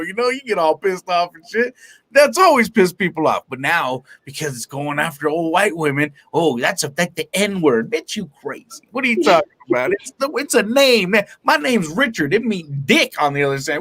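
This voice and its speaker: A man, a stand-up comedian and guest, talking casually in an interview in a brash, profane, animated way, laughing often. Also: high-pitched, moderate pace.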